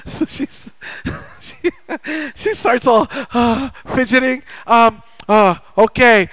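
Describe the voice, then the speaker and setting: A middle-aged man, the pastor, preaches in a church sanctuary with a high, fairly bright voice, taking his time. He jokes and chats with the congregation while recounting a family story, acting out the dialogue. The recording is rough, with no room sound.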